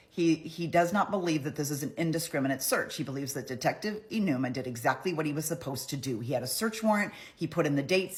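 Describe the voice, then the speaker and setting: A middle-aged woman giving a chatty, opinionated trial recap, often acting out what people said. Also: deep voice. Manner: chatty, opinionated, acts out quotes. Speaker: trial commentary vlogger. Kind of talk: casual trial recap commentary.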